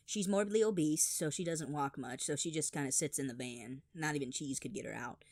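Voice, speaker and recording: A man telling funny childhood stories in an animated, exaggerated voice-over. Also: fairly high pitch, normal speed, hardly any pauses, no room sound, clean studio sound. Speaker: storyteller. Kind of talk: animated comedic storytelling.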